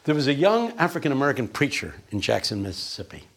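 A man's voice: mid-range voice, quick pace, vocal fry. A man lecturing a class, telling stories and acting out quotes with energy. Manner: animated, storytelling with acted-out quotes.

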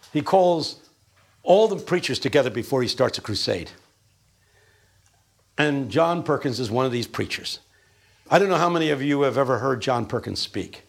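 A man's voice: mid-range voice, moderate pace, vocal fry, pauses often. A man lecturing a class, telling stories and acting out quotes with energy. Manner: animated, storytelling with acted-out quotes.

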